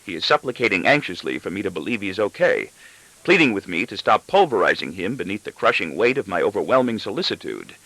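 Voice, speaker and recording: Male audiobook narrator: low, animated pitch, brooding first-person read, dry close sound. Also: fast, no echo, poor audio.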